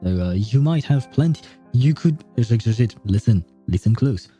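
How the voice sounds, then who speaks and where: A man's voice: medium pitch, lively intonation, moderate pace, mellow, soft background music. A man giving casual, rambling commentary while playing a video game, laughing often. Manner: laughing, rambling, self-deprecating. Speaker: gaming streamer.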